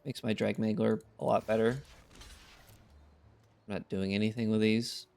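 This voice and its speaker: A man's voice: on the low side, flat delivery, moderate pace, vocal fry, a little mellow, a little hiss or hum. A tired man giving casual, laid-back gameplay commentary, thinking aloud with a wry tone. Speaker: gaming content creator.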